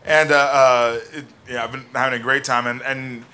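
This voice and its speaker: A man speaking on a convention panel, halting with many restarts and fillers. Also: mid-range voice, level tone, bright, forceful tone. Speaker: panel guest. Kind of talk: casual panel chat.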